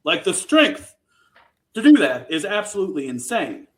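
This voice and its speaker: A man hosting a podcast, recapping a book in a casual chat, animated and swearing freely. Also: high voice, normal speed, low-quality recording. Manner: animated, profane, full of restarts. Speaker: podcast host.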